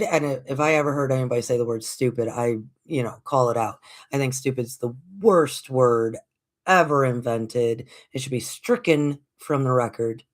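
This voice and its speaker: A woman's voice: a bass voice, normal speed. A woman in her forties telling a story casually as a livestream host, acting out the voices of the people in it and laughing often. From United States. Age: 40s. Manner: animated, acts out quoted voices, laughs often.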